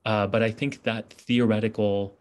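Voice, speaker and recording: A man's voice: on the low side, flat delivery, normal speed. A man being interviewed as an author, talking in an earnest, reflective way and often restarting his phrases. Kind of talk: conversational interview.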